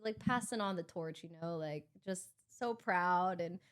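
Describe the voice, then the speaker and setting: A young woman streamer casually recounting a story, acting out her own and others' lines in lively quoted voices. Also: fairly low pitch, a little slow. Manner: animated, quoting herself in lively voices.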